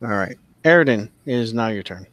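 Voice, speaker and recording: A man's voice: fairly low pitch, expressive, a little fast, a bit bright, no room sound, dull audio. A man narrating a tabletop game as game master, telling the action in vivid, profane detail.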